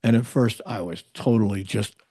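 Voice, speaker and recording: A man speaking as a webinar panelist, telling stories in a relaxed, unhurried way. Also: lowish voice, breathy edge, no echo, studio quality. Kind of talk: casual webinar chat.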